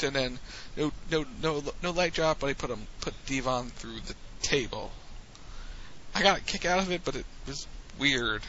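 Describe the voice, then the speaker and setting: A man's voice: medium pitch, sharp tone, a little hiss or hum. A man co-hosting a podcast, casually recapping events in a rambling way with restarts. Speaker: podcast co-host recapping wrestling. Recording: dull lo-fi sound with faint ambience.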